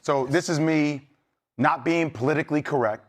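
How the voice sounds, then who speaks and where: A man's voice: on the high side, moderate pace. A man who is a former player talking sports as a guest, blunt and streetwise, building into impassioned rants.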